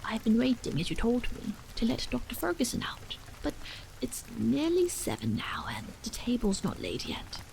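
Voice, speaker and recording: A woman's voice: fairly high pitch, big pitch swings, moderate pace, creaky, darkish tone, slight background noise, rough recording. Woman whispering as a deferential housemaid. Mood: fretful. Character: polite, fretful housemaid. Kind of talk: whispered role-play.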